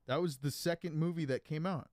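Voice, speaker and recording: A man's voice: on the high side, brisk, darkish tone, dry recording, studio quality. A man co-hosting a casual pop culture podcast, joking and sarcastic, with many fillers. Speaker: podcast co-host.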